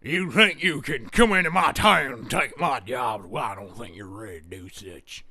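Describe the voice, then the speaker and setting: A man voicing a vulgar, hostile hick with a West Texan accent and a gritty, low voice. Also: expressive, normal speed, sharp tone. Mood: threatening.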